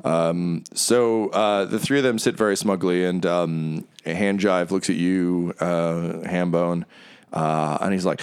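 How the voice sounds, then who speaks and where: A man's voice: low-pitched, steady tone, smooth. Hesitant man running a tabletop game. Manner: halting, full of ums and uhs. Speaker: game master.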